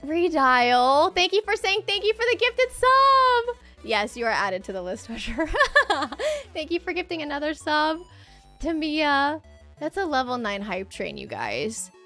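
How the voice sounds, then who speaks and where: A woman hosting a live stream before a tabletop game, chatting with her viewers in an excitable, giddy way, laughing and exclaiming often. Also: high voice, measured pace, soft background music.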